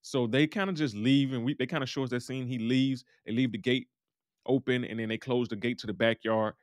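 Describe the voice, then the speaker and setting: Here a man retells a TV episode in a relaxed, chatty monologue, performing the characters' dialogue along the way. He has a mid-range voice with fairly even intonation and a brisk pace, and there's no echo.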